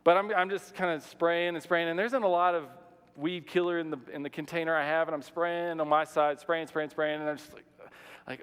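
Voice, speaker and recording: A pastor in his thirties tells a personal story from the pulpit in a fairly high, lively voice. He talks casually, stumbling over restarts and fillers. His words ring out with the long reverb of a large church hall. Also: fairly quick, clean tone. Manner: animated, conversational, many restarts and fillers. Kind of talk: sermon storytelling. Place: church sanctuary.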